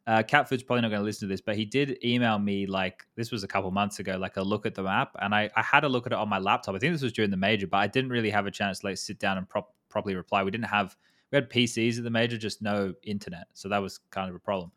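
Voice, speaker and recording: A man's voice: fairly low pitch, rapid-fire, a bit bright. A man in his thirties hosting a casual esports chat, rambling, swearing casually and restarting his sentences. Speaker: podcast host.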